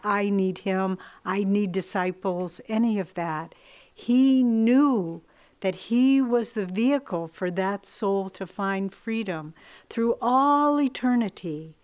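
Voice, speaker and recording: A woman giving a devotional talk as a spiritual teacher. She speaks slowly and leaves long pauses, in a voice of middle pitch. Her manner is reflective and earnest as she tells her stories. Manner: slow, reflective, earnest storytelling.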